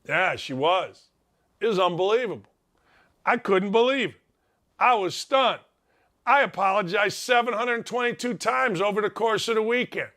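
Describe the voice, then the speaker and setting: A middle-aged man talks in a casual, excitable monologue on a sports show. His voice sits fairly high, and he tells stories at his own expense, repeating lines for comic effect. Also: moderate pace. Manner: excitable storyteller, self-mocking, repeats phrases for effect.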